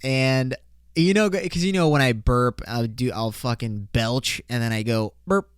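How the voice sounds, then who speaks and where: A young man hosting a casual solo podcast, loose, excitable and full of swearing. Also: medium pitch, normal speed, clear, resonant tone, no room sound, clean studio sound. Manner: loose, profane, excitable, laughs a lot. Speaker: podcast host.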